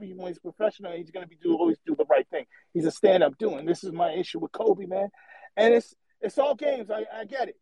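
High-voiced man ranting on a call-in. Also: gravelly, low-quality recording. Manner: passionate, rambling, repeats himself. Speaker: caller. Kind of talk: opinionated call-in rant.

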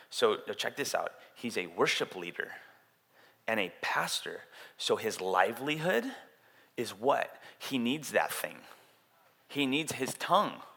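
A man preaching a sermon in a casual, animated way, acting out quotes as he tells stories. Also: lowish voice, vocal fry. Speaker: pastor. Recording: long hall reverb.

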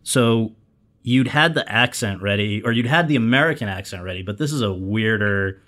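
A man hosting an interview, asking measured questions and reading out quotes, with frequent short affirmations. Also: fairly low pitch, a bit bright. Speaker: interviewer host.

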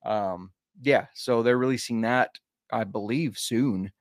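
A man's voice: mid-range voice, slow pace, no echo, studio quality. A man co-hosting a casual podcast, joking and easygoing, sometimes reading notes aloud. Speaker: podcast co-host.

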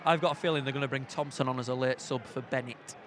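A man's voice: medium pitch, fairly even intonation, fast, slight background noise. A man co-hosting a podcast, chatting casually and joking through a live football match. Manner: joking, banter-heavy, swears when his team concedes. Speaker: podcast co-host.

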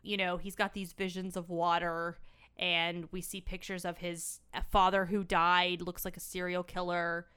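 A woman's voice: lowish voice, level tone, unhurried, sharp tone, clean tone. A woman co-hosting a casual film podcast, recapping the plot in a chatty way with lots of asides. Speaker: podcast co-host.

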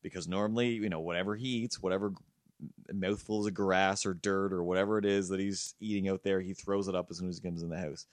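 Low-voiced man rambling through a story. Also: fairly even intonation, quick pace, no echo, studio quality. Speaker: podcast host. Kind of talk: casual chat.

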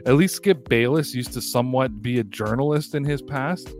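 A man's voice: medium pitch, moderate pace, a little mellow. A man hosting a sports podcast who rants hard and swears constantly, leaning on every word as he gets worked up. His voice sits in an ordinary middle range, and faint music plays underneath. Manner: profane, heated, emphatic ranting. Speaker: podcast host. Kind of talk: casual sports podcast rant.

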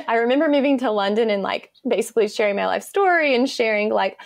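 A woman's voice: a little high, expressive, quick pace, creaky, dry recording, studio quality. Chatty, enthusiastic American woman. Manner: enthusiastic, chatty storyteller, many fillers. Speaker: podcast guest. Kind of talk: casual interview chat.

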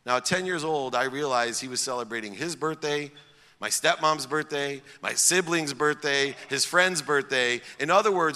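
Middle-aged man, from Ohio, emphatic personal storytelling, bright forceful voice, long reverb. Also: on the high side, moderate pace. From Akron, Ohio, US. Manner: emphatic, builds in repeated lists. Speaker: public speaker.

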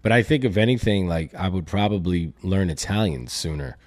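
A man with a low voice trading jokes on a podcast, rattling off deadpan lists. The sound is dry and close, with no room around it. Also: fairly quick, dry recording. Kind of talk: casual chat.

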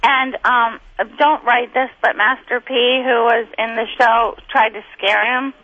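A middle-aged woman, a guest comedian, telling rambling, excitable stories over a phone line. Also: a little high, unhurried, dry recording. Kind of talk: chatty phone interview storytelling.

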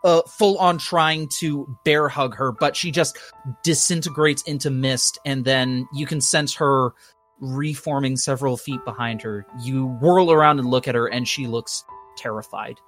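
Slow, soft-spoken game master. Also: male voice, mid-range voice, steady tone, faint music behind. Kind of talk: slow atmospheric game narration.

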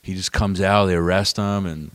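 A man telling a long story in casual chat, animated and swearing often. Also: sits low, moderate pace, no room sound.

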